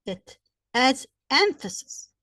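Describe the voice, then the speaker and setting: A woman gives a grammar lesson with a fairly high voice. She works through example sentences slowly and repeats each point, and her voice sounds dry and close, with little room around it. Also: very animated, pushed and bright, no echo. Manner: slow, repetitive explaining with examples. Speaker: English grammar teacher.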